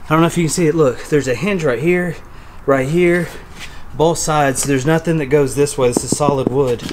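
A man filming an excited unboxing vlog in a small storage unit, calling out finds to viewers. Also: a little high, normal speed, noisy background. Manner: addresses viewers as y'all, gasps and exclaims.

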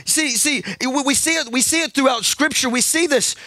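A male pastor preaching a sermon at a church service, emphatic, repeating words and building up to shouts. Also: very high-pitched, normal speed, no echo.

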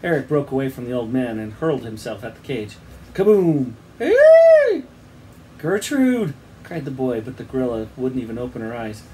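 A man's voice: medium pitch, steady tone, fast talker, hardly any pauses, mellow, slight background noise. A man teaching, reading a children's book aloud expressively and acting out the sound effects, then giving his class an assignment.

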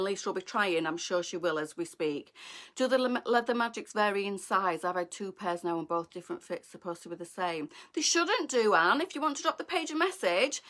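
A woman's voice: fairly high pitch, fairly bright tone. Chatty woman selling coats live. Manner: chatty, bubbly, greets viewers by name. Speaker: fashion boutique live seller. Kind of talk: live sales chat to viewers. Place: indoors, live video stream.

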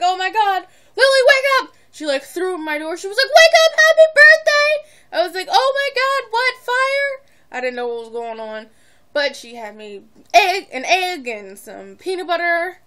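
A teenage girl chats to the camera in a home vlog, bubbly, giggly and rambling. Her voice is high-pitched and bright with a forceful tone, and she's indoors at home.

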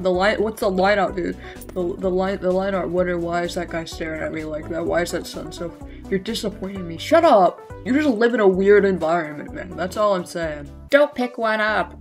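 A gaming creator rambling through casual gameplay commentary in a mid-pitched voice, full of sarcastic asides and self-corrections. They burst into jokey, excitable outbursts now and then. Faint game music runs underneath.

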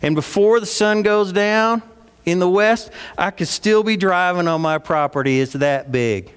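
A man's voice: high-pitched, a little slow, smooth. A man voicing a boastful male Texas rancher in a sermon anecdote, in a bragging manner. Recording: long reverb of a church hall.

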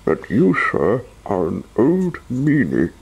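A man's voice: medium pitch, huge pitch swings, slow pace, gravelly, darkish tone, breathy edge, highs cut off, pitched above the performer's own voice, exaggerated voice. A man voicing an eccentric, pompous wizard in a storybook reading, theatrical and rambling. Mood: excited, lofty.

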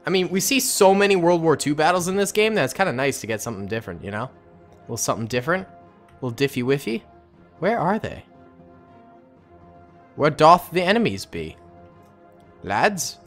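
A young man giving casual let's-play commentary as a gaming host, excitable and loud as he rallies troops. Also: medium pitch. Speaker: gaming YouTuber. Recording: game music and gunfire behind.

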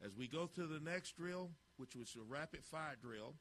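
Man, football coach, drill-tape narration, blunt clipped cues, forceful bright voice. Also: on the high side, lively intonation, moderate pace.

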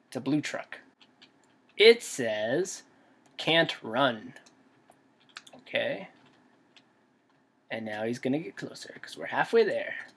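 Husky-voiced nervous young gamer guy. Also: mid-range voice, big pitch swings, takes it slowly, pauses often, fairly bright tone. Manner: jumpy, nervous, talks to himself. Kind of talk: let's play commentary.

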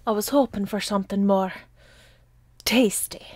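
A woman's voice: medium pitch, normal speed, a little mellow, dry recording, close to an everyday voice. A woman reading aloud and voicing an old uncle who likes to tell long stories of his adventures. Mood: doubtful. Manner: chatty, storytelling. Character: old rambling male uncle, fond of tall tales.

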